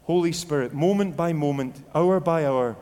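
Scottish preacher guy, earnest, slightly high voice, long echo like a big church. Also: normal speed, warm tone, clean tone. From Scotland. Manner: earnest and reflective, with quoted inner dialogue. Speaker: pastor. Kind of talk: sermon. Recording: long hall reverb.

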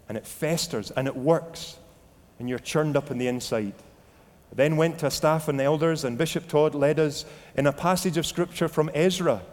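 Scottish preacher guy, earnest, slightly high voice, long echo like a big church. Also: darkish tone. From Scotland. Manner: earnest and reflective, with quoted inner dialogue. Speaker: pastor. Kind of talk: sermon. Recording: long hall reverb.

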